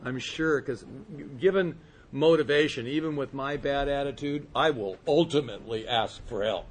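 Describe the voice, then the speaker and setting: A man giving a personal recovery testimony to a group, earnest and storytelling, slowing and softening at quiet moments. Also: medium pitch. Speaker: speaker sharing his recovery story.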